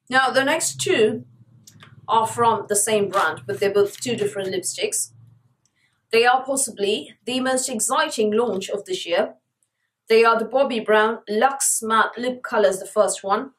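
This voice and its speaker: On poor audio, a woman beauty vlogger with a sore throat talks around a lozenge while reviewing a product. Her medium-pitched voice has a fairly bright tone, and she's chatty and enthusiastic, repeating words for emphasis.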